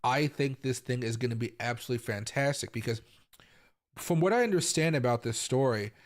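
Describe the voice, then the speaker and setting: A young adult man from the US Pacific Northwest hosts a live crypto market stream in casual, rambling commentary, full of fillers and repeats, with sudden loud outbursts. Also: mid-range voice. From Tacoma, Washington, US. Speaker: crypto market livestream host.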